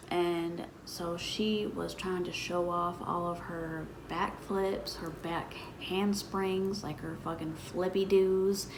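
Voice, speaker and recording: A woman's voice: mid-range voice, background noise. A woman in her twenties telling a personal story in a casual vlog, blunt and swearing freely. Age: 20s. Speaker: vlogger.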